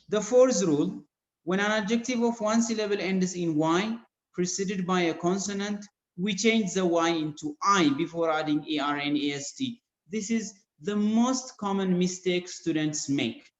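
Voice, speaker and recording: A male English teacher with an Ethiopian accent giving an online grammar lesson, explaining rules slowly and spelling out letters one by one. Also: a little high. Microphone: video call. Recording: dull echoey video-call audio.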